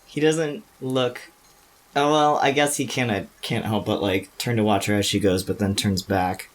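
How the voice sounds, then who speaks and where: Deep deep voice lady player, chill, musing about her character. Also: fairly even intonation, moderate pace. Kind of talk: narrating own character in a tabletop game.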